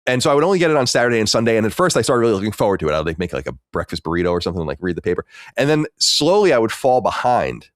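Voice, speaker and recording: A man's voice: fairly low pitch, racing, no room sound, clean studio sound. A man in his thirties co-hosting a podcast, chatting casually and telling rambling stories with some swearing. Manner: animated, swearing, rambling storyteller. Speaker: podcast co-host.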